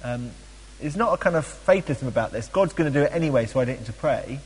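A man teaching a Bible study, chatty and animated, with frequent ums and playful asides. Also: medium pitch, fast, breathy edge, big-room sound, rough recording.

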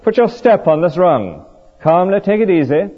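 A man's voice: sits high, very animated, normal speed, long reverb tail, dull audio, voice pushed up. A man playing a brave fireman coaxing someone onto his ladder. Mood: urging. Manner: urgent, coaxing commands. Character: brave male fireman urging a rescue.

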